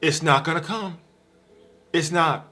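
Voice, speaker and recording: Man, slightly high voice, unhurried, informal spiritual teaching, live stream from home, repetitive, emphatic. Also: pushed and bright. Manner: repetitive, emphatic, talks straight to viewers. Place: home room with a dog bed in the corner.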